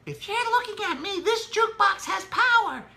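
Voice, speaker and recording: A man voicing a squeaky, excitable little furry monster in a high falsetto for a child. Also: normal speed, creaky, faint music behind, exaggerated voice. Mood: coaxing. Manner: very high falsetto, exclamatory, sing-song. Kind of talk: playful demonstration for a child.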